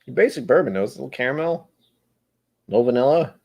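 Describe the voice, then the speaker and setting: A man's voice: mid-range voice, expressive, fairly quick, gravelly, darkish tone. A man hosting a live whiskey tasting, chatting casually in a rambling, musing, self-deprecating way. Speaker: host of a whiskey tasting stream. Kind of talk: casual live-stream chat while tasting.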